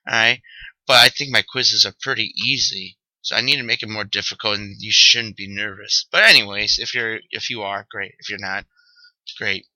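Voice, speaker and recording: A man's voice: fairly low pitch, steady tone, normal speed, bright, forceful tone, dry recording, low-quality recording. A man teaching a recorded vocabulary lesson, upbeat and joking, checking in with "okay?" often. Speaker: Spanish teacher.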